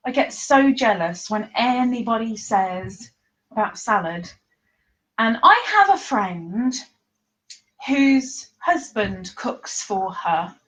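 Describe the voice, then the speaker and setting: A woman's voice: a little high, poor audio. A woman hosting a casual live stream from her living room, chatting, reading viewer comments aloud and laughing often.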